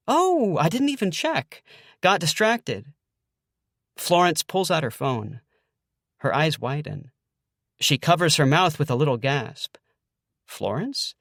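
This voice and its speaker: Man, audiobook narrator, wry, conversational, gravelly, dry close mic. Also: medium pitch, fairly bright tone, no echo. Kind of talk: first-person audiobook narration.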